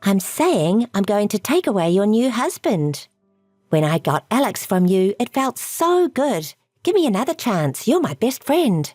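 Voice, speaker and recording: A woman plays a scheming, selfish woman who taunts and gloats, her pitch rising and falling in wide, lively swings. The voice sits dry and close, with music playing softly underneath, like a texting-story voice-over. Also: unhurried, no echo. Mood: gloating. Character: scheming selfish adult woman, husband-stealer.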